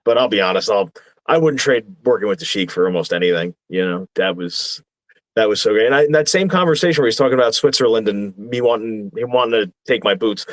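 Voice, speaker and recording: Rambling wrestler telling stories. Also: male voice, on the low side, lively intonation, quick pace, no echo. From New Jersey. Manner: rambling, chuckling anecdotes. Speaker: wrestler guest. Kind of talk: casual podcast storytelling.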